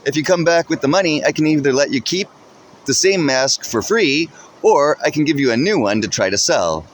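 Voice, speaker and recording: A cheerful, booming shopkeeper from a storybook, theatrical and showy, pushed well above the reader's own pitch. A man acts him out. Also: very animated, moderate pace, a little hiss or hum. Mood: booming jolly. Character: loud jolly middle-aged male mask shopkeeper.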